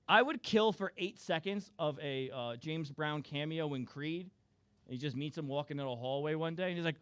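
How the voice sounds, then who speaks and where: A man's voice: high voice, a little fast, fairly bright tone, clear, resonant tone, dry recording. A young man doing a rambling, crude, self-deprecating stand-up roast set. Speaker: stand-up comedian.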